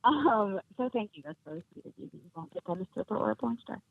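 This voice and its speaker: A woman's voice: medium pitch, expressive, quick pace, gravelly, no room sound, narrow, tinny audio. A woman actress guest in a casual podcast chat, bubbly and laughing often as she acts out what people say to her.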